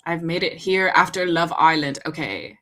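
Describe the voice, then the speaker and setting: A woman's voice: low voice, sing-song, moderate pace, pushed and bright. A woman hosting a casual reading livestream, laughing often and greeting viewers in chat. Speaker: livestream host.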